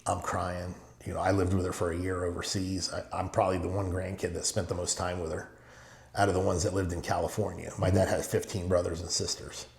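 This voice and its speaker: Brisk, flat and creaky, the low voice of a middle-aged Middle Eastern man carries through a podcast studio with roomy echo. A real estate owner and guest, he tells stories emphatically in a casual interview, repeating short phrases.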